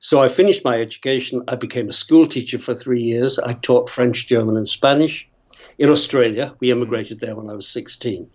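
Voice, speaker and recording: A man's voice: mid-range voice, a little fast. Older storytelling man, dull lo-fi audio. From Northern Ireland. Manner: rambling, goes off on tangents, chuckles. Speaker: actor guest. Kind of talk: storytelling interview.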